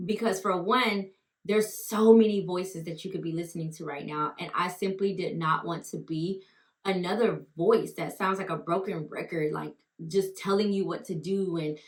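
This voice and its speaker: A woman's voice: on the low side, roomy sound. A woman telling her faith story in an earnest, reflective way, with many fillers and restarts. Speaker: faith-based speaker and mom. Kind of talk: personal testimony talk.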